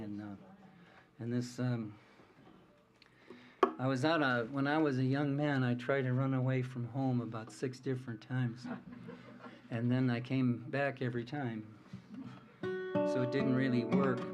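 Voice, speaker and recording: A man from the American Midwest, a folk singer, telling a rambling, easygoing story on a small coffee house stage, with many filler pauses, over guitar. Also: medium pitch. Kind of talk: onstage storytelling between songs. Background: guitar playing under the talk.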